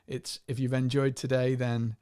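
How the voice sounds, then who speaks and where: A man's voice: mid-range voice, level tone, normal speed, mellow, clean tone, no echo, studio quality. A man co-hosting a live online coaching workshop, friendly and conversational, heard over a video call. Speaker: co-host and coach.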